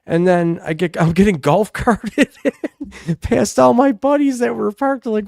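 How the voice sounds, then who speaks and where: Gravelly rowdy man. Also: sits high, animated, a little slow, a little mellow, no echo, clean studio sound. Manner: rowdy storyteller, swears freely, acts out quotes. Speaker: podcast co-host. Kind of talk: casual chat.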